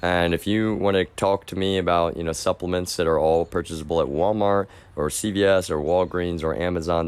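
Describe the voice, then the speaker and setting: A young livestreamer with a deep, smooth voice vents to his live chat in an agitated, profane monologue. He keeps restarting his sentences and calls his viewers "y'all."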